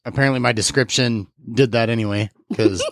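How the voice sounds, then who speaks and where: A man's voice: mid-range voice, brisk, noisy background. A man hosting a podcast, casually explaining a word-guessing game with easygoing fillers. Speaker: podcast host running a game. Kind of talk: casual chat.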